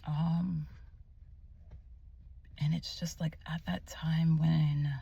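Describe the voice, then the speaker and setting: Gravelly-voiced woman telling her story. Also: deep voice, level tone, extremely slow, highs cut off. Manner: candid and emotional, drops to hushed tones, many fillers. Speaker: faith vlogger sharing her testimony. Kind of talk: confessional personal storytelling.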